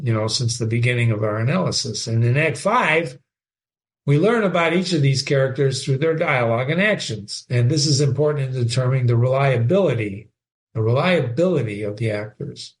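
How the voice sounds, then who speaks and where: A man's voice: medium pitch, lively intonation, a little fast. A man giving an informal literature lecture as a teacher, emphatic and chatty, repeating phrases for stress.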